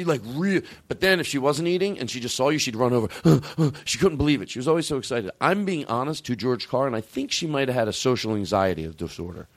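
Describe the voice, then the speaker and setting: A man hosting a comedy podcast, with a voice that swings widely up and down as he tells rambling, profane, excitable stories. His voice sits at an ordinary middle pitch and sounds close and dry, with no room around it. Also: no room sound. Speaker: podcast host. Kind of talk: casual comedy podcast chat.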